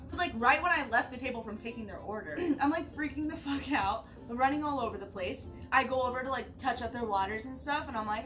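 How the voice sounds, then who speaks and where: A young woman hosting a casual vlog, telling stories in a profane, animated way full of "like"s. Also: sits high, fast talker, hardly any pauses, distant mic, music in the background, rough recording. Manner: profane, animated storytelling with many "like"s. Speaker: vlogger host. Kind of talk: casual storytelling chat.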